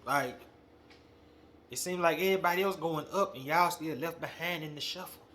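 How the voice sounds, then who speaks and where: Slangy, animated young man ranting. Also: fairly high pitch, moderate pace. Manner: animated, slangy, calls out directly. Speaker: wrestling podcast host. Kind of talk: casual opinion monologue.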